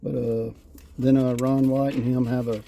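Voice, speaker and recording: A man talks casually through a wrestling review. His voice is very dark and mellow, and he retells scenes with lively, animated quotes. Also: medium pitch, normal speed, creaky. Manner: animated storyteller, acts out quotes. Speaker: podcast co-host reviewing wrestling. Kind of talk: casual chat.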